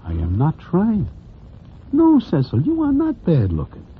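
A droll Broadway storyteller on old radio. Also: male voice, fairly high pitch, wildly swooping pitch, a little slow, narrow, tinny audio, slight background noise. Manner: formal present-tense gangster narration. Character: wry Broadway storyteller man, plain-spoken. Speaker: narrator and lead character. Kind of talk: 1940s radio acting.

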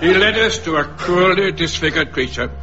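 A man playing a pompous, hapless Victorian gentleman who narrates with melodrama, in a radio comedy. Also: high-pitched, animated, normal speed, dull audio, loud music behind the voice. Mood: melodramatic. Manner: theatrical, melodramatic.

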